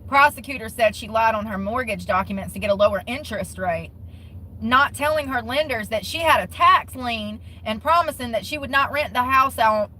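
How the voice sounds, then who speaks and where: A woman's voice: fairly high pitch, moderate pace, bright, forceful tone, a little hiss or hum, rough recording. A woman giving casual commentary on the news in a blunt, profane, mocking way. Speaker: commentary vlogger.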